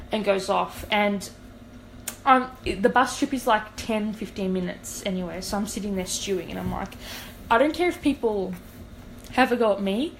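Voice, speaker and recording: A woman's voice: mid-range voice, gravelly, slight background noise, low-quality recording. A young woman, a podcast co-host telling a long story in casual chat and acting out what people said. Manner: animated, acts out quoted dialogue.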